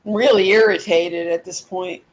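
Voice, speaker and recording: A woman's voice: fairly low pitch, steady tone, moderate pace, rough recording. A woman angrily venting in a casual chat, exasperated and swearing often. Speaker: participant in a group chat.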